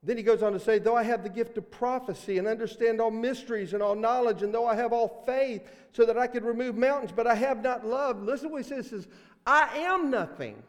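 High-voiced Mississippi pastor preaching earnestly. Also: male voice, steady tone, fast talker, hardly any pauses, in a large hall. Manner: earnest, swings from loud emphasis to hushed asides. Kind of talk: sermon. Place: church sanctuary.

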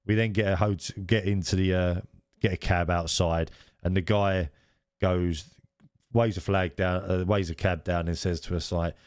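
A man's voice: sits low, fairly even intonation, normal speed, a little mellow, clean tone, no echo, studio quality. A man in his forties, co-hosting a podcast and rambling through a funny story while laughing at himself. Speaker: podcast co-host. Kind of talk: casual storytelling chat.

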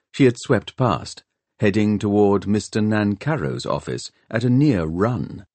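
Low-voiced guy reading an audiobook, lively expressive delivery, dry close sound. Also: no echo. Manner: expressive storytelling. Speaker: audiobook narrator. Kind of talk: scripted narration.

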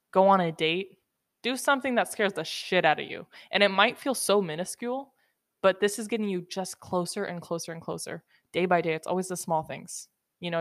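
A woman's voice: on the low side, no room sound, clean studio sound. A young woman hosting a solo motivational podcast, blunt and profane, giving teasing tough-love advice into a podcast microphone. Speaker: podcast host.

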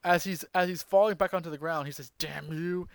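A man hosting a podcast, recapping an episode in an excited, rambling way with lots of fillers and restarts. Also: high voice, fast talker, low-quality recording. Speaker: podcast host.

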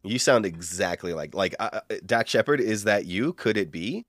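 On a casual podcast, a male co-host speaks in a lowish, fairly bright voice at a moderate pace, sounding a bit nasal from allergies. The recording is dry and clean, studio grade. He rambles, laughs often, and keeps interrupting himself.

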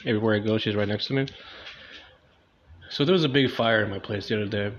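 A man's voice: on the low side, fast talker, a little hiss or hum. A young man doing a loose, crude, slangy stand-up comedy monologue, in a dull lo-fi recording.

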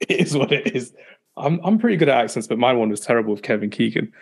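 A man hosting a casual podcast and talking in a quick, chatty and upbeat way. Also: medium pitch, animated, gravelly, husky. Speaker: podcast host.

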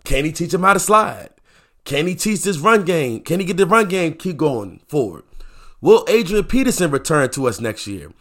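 A man hosting a casual sports opinion show, talking in an animated, repetitive way and firing off rhetorical questions. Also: on the high side, moderate pace.

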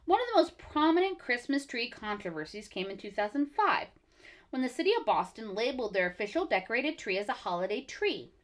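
A woman's voice: a little high, sing-song, a little fast. A woman co-hosting a casual podcast, reading facts from her notes with blunt, sarcastic asides. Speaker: podcast co-host.

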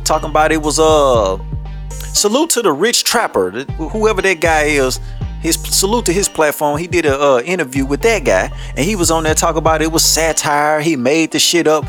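A man's voice: a little high, lively intonation, normal speed, a bit bright, soft background music. A man hosting a podcast, ranting blunt, profane commentary and laughing often. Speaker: podcast host.

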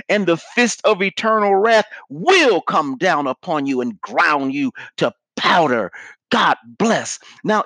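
Earnest, higher-voiced male preacher. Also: fairly bright tone, no room sound. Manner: earnest and emphatic, repeats key points. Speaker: evangelism teacher. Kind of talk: teaching sermon.

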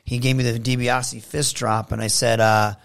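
Gravelly-voiced man telling stories. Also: medium pitch, normal speed. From Saginaw, Michigan, USA. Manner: animated, acts out quotes in a raised voice. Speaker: guest, professional wrestler. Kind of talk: casual interview storytelling.

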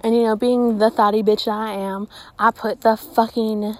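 A woman's voice: a little high, normal speed. A young woman hosting a podcast, delivering a casual, profane and exasperated rant. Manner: profane, exasperated, animated ranting. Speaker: podcast host.

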